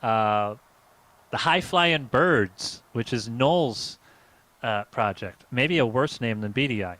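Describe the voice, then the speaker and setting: Bright, dry-voiced comedian. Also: male voice, mid-range voice, expressive, takes it slowly, dry recording. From United States. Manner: rambling, hesitant storytelling with many fillers. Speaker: comedian co-hosting a live-stream show. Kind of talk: casual comedic chat.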